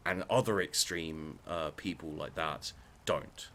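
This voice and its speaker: A man's voice: a bass voice, slow pace, fairly bright tone, slight background noise. A man ranting bluntly about his opinions, swearing often and restarting his sentences. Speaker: vlogger. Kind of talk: heated opinion rant.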